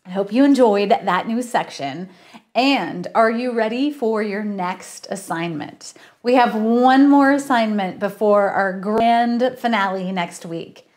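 A woman's voice: mid-range voice, takes it slowly, a little mellow. A woman author reading her mystery story aloud on a livestream and chatting with viewers. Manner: chatty, laughs at herself.

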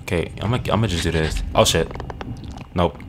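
A man's voice: low voice, brisk, noisy background. A young man doing let's play commentary, swearing a lot and talking at the screen. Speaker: gaming channel host. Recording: game music behind the voice. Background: game music.

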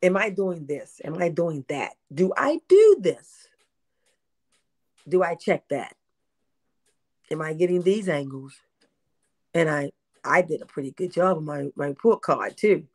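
Animated woman in her fifties. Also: low voice. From Baltimore, USA. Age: 50s. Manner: animated, repeats herself, acts out quotes. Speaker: interview guest, independent filmmaker. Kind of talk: casual interview storytelling.

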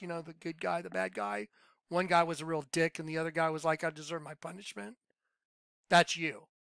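A man giving an informal Bible teaching, emphatic, quizzing the listener with yes-or-no questions and swinging between loud outbursts and muttered asides. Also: on the high side, clear, resonant tone, no echo. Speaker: self-styled Bible teacher.

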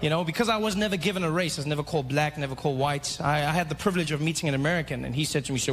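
A man's voice: a little high, very fast, hardly any pauses. A man doing stand-up comedy, telling a story and slipping into character voices. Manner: animated, jumps into character voices. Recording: loud noisy live recording.

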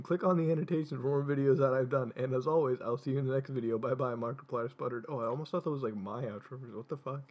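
A man's voice: medium pitch, fast, hardly any pauses. A man reading a silly story aloud with friends, laughing and breaking off mid-reading. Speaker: reader of a joke story. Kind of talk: comedic dramatic reading among friends.

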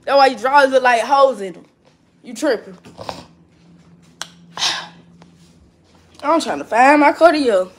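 A woman with a high voice rants at length on a live stream, heated and profane. She repeats her points again and again and laughs between jabs. The room around her rings with echo. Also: animated, slow pace, long pauses, slight background noise. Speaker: livestreamer. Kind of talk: casual live-stream rant. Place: indoors at home. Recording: echoey room.

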